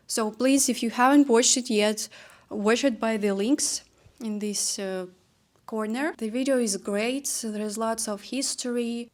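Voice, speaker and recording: Slow, reflective Russian-accented woman. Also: medium pitch. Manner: reflective, unhurried, self-deprecating. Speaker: vlogger. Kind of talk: personal vlog monologue.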